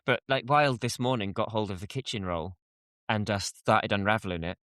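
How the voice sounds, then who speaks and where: A man's voice: fairly low pitch, moderate pace, fairly bright tone, clear, resonant tone, dry recording, clean studio sound. A man co-hosting a casual podcast chat, joking and acting out quoted outbursts. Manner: playful, jokey, dramatic quoted outbursts. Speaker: podcast co-host.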